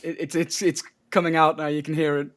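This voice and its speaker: A man's voice: on the high side, level tone, fairly bright tone. Jokey man trading banter. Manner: jokey, laughs often, quick banter. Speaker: watch-party co-host. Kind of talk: casual film commentary.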